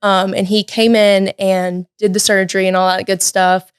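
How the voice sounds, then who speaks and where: Teen woman guest, lively casual storyteller, filler-heavy, dry studio sound. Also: medium pitch, normal speed, clear, resonant tone, no room sound. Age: late teens. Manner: lively, chatty, many "like" and "um" fillers. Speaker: podcast guest. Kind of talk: personal storytelling. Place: podcast studio.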